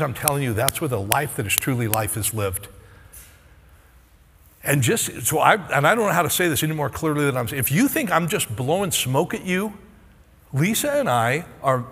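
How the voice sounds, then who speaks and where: A man's voice: a little high, fairly bright tone, breathy edge. A middle-aged male pastor preaching a sermon, telling a personal story and earnestly pleading with his congregation. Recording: long reverb of a large hall.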